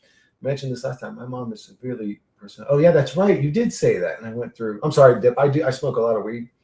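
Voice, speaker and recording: Gravelly-voiced man rambling on a livestream. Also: medium pitch, fast, dark tone, echoey room. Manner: rambling, profane, reads chat aloud. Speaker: livestream host. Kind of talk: casual livestream chat.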